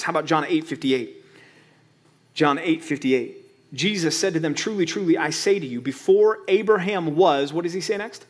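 High-voiced pastor preaching with sweeping dynamics. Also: male voice. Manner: swings between loud emphatic peaks and quiet low asides; reads scripture slowly, stretching key words. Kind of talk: sermon.

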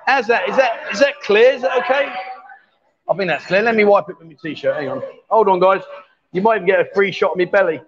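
A man with a notably high voice hosts a casual live stream, joking and bantering as he goes. He is picked up on a camera mic in a busy bar, and the sound is a little muffled. A lively crowd chatters loudly behind him. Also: quick pace. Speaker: livestream host. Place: busy bar with a pool table.

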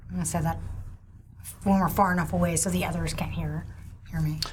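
A woman's voice: fairly low pitch, fairly even intonation, brisk, slight background noise. A woman player in a tabletop role-playing game, hesitant, slipping between table talk and her character.

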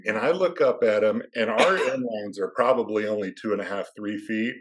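Low-voiced man telling a dry story. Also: brisk. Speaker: athletic administrator, guest. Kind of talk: storytelling on a podcast.

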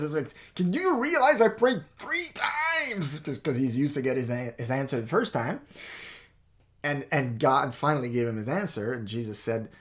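A man co-hosting a faith talk show, speaking in an animated, emphatic way and often restarting words as he tells personal stories. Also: mid-range voice.

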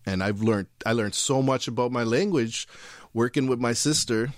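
A man's voice: medium pitch, dry recording. A man talks through his film in conversation, thinking aloud and circling back on his words. His voice sits in a middle register and sounds close and dry. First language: not fluent in his heritage language. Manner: thoughtful, halting, many restarts. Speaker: filmmaker. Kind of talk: interview conversation.

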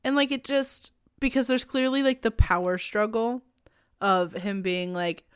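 A woman's voice: fairly high pitch, unhurried, clear, resonant tone, no echo. Young woman musing, dry close sound. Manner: thoughtful, hedging with many "like"s. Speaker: podcast co-host. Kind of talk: casual chat.

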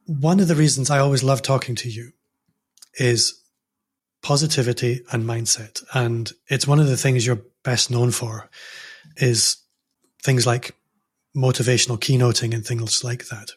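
A middle-aged man hosts an interview podcast with a husky, slightly rough voice at a middle pitch. He talks in a thoughtful way, pausing to search for the right word. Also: fairly even intonation. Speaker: podcast host. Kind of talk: interview conversation.

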